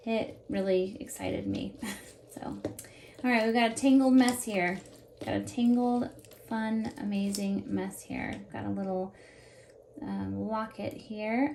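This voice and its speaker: Woman, 30s, rambling chatty vlogger with a gravelly edge, recorded in an echoey room with faint background hum. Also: mid-range voice, fairly even intonation, slow, darkish tone. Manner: chatty, rambling, jumps between topics. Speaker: jewelry unboxing vlogger. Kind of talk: casual chat while unboxing. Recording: roomy echo with faint ambience.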